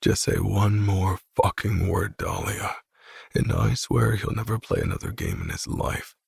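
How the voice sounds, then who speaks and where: A man's voice: low voice, wildly swooping pitch, a little slow, vocal fry, darkish tone, breathy edge, no echo, studio quality, exaggerated voice. A man doing Kane, a cold growling threat. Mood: menacing. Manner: growling, menacing. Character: cold possessive young man, furious, threatening.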